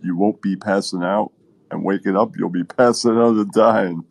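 Brief: stoned mellow guy, low pitch, casual drawl, dry mic. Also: fairly even intonation, moderate pace, gravelly, no echo. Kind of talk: casual chat.

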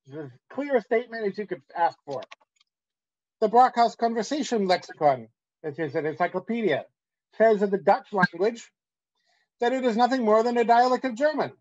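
A man giving an academic conference talk, measured and pausing often with "uh.". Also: sits high, animated, a little mellow, lo-fi sound. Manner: measured, with frequent "uh" pauses. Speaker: academic lecturer.

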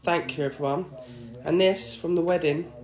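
A man's voice: fairly high pitch, steady tone, moderate pace, a little mellow. A man chatting casually to his phone camera, sentimental and jokey. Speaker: TikTok vlogger.

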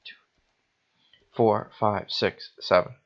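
A man's voice: on the low side, steady tone, takes it slowly. A tipsy young man rambling and swearing as he hosts a casual Minecraft building session, mocking himself as he plays. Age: young adult. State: tipsy from wine. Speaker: host. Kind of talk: casual Minecraft let's-play chatter. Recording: dull lo-fi recording.

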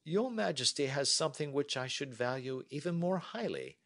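A man's voice: a little high, expressive, normal speed, fairly bright tone, voice pushed up. Storybook detective, reserved and cold, formal in speech, voiced by a man. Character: cool, reserved male detective. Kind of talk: storybook reading for learners.

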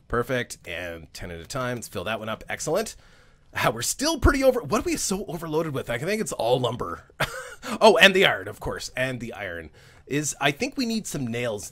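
Male gaming host, cheerful running commentary with a lively voice that swoops a lot. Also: medium pitch. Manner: chatty and upbeat, laughs often, thinks aloud while playing. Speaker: let's play host. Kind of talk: casual gameplay commentary.

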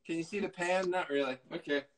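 With a fairly high pitch and quick pace, this guest cook jokes about himself while cooking on a live video call and chatting casually. He gets loud when he leans in. The audio is poor, with slight background noise.

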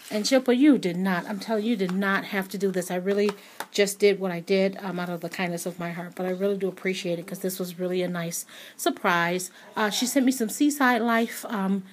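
A woman's voice: mid-range voice, normal speed, slight background noise. A woman hosting a craft channel, chatting casually as she shows off a gift, gushing with many ums and repeated words. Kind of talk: casual unboxing chat.

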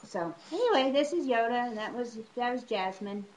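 A woman in a casual home video, chatting about her pets and calling them in a high voice. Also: animated, normal speed, a little hiss or hum, poor audio. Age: adult. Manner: chatty, pitches up high to call her dogs. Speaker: dog owner vlogger.

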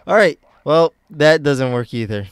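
A man's voice: a little high, expressive, unhurried, clean tone, no echo. A young man from the United States chatting casually while live-streaming games, rambling and self-mocking. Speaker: game streamer.

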